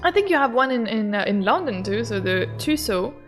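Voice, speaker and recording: A French woman gaming streamer with a high, animated voice that jumps all over the place. She chats with her viewers, giggles often and reads game lines aloud in a playful, chatty way. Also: brisk, faint music behind. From France. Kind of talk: casual let's-play commentary and reading.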